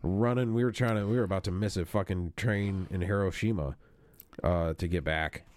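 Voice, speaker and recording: A man's voice: low-pitched, moderate pace, darkish tone, dry recording. A man co-hosting a casual chat show, telling travel stories with a lot of swearing and jokes. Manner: profane, joking storyteller. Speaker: podcast co-host.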